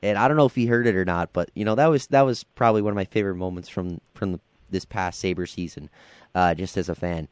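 Low-voiced man hosting sports radio. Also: fast talker, no echo. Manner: rambling, filler-heavy, affable. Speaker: radio show host. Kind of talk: casual sports radio talk. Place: college radio studio.

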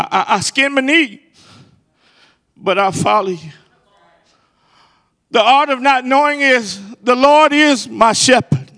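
A middle-aged man preaching with a bright, high voice that rises into impassioned peaks. He takes his time, letting each phrase land slowly. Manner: impassioned rising cadence, then hushed and soft. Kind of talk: sermon.

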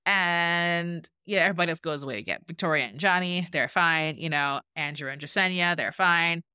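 A woman's voice: on the low side, moderate pace, clean tone, no room sound, clean studio sound. A woman co-hosting a podcast, casually recapping a reality show and acting out what people said. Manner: animated storyteller, acts out quotes. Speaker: podcast co-host.

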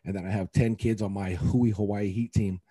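A man's voice: on the low side, steady tone, moderate pace, dark tone, husky, dry recording. A man, a youth coach, talking in a casual podcast chat, rambling and emotional with many fillers and restarts.

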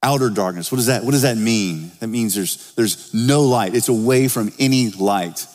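A man's voice: fairly low pitch, moderate pace, a little mellow, big-room sound. A man preaching a sermon as pastor, talking to the congregation in a conversational way and lifting his voice when he reads scripture. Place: church sanctuary.

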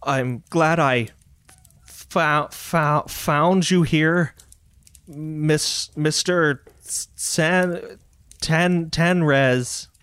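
A man playing a nervous young guard, stammering, flustered, slightly raised pitch. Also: animated, takes it slowly, few pauses, slightly rough, no echo, heavily acted.

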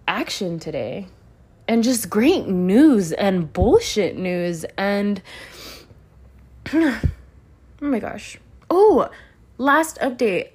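A young woman hosting her own podcast and venting to her listeners. Her storytelling is loose and profane, full of swearing and animated outbursts. Her pitch sits in the middle of the range. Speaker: podcast host. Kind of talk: casual solo podcast vent.

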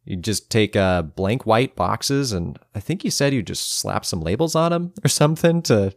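A man's voice: on the low side, expressive, normal speed, vocal fry, dry recording. A man co-hosting a casual board game podcast, joking and rambling with a laugh often in his voice, recorded close and dry on a podcast mic. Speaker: podcast co-host. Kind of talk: casual chat.

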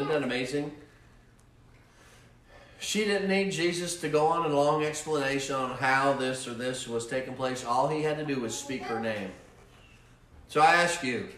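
A male pastor preaching a sermon in a repetitive cadence that swells with fervor and then softens into prayer. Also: mid-range voice, slight background noise. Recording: roomy echo, mic at a distance.

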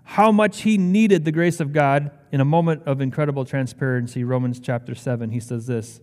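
A man's voice: fairly quick, few pauses, a little mellow. A man preaching a sermon as pastor, reading scripture with rising, impassioned emphasis. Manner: impassioned, rising in pitch when quoting scripture. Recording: long hall reverb.

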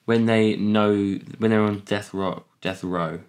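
A young man chatting casually on a podcast, telling an animated story with laughter and acted-out voices. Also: fairly low pitch, slow, clean tone. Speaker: podcast co-host. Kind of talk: casual chat.

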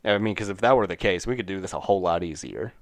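A man's voice: low-pitched, animated, fast talker. A young man co-hosting a casual podcast, joking crudely and laughing often. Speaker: podcast co-host.

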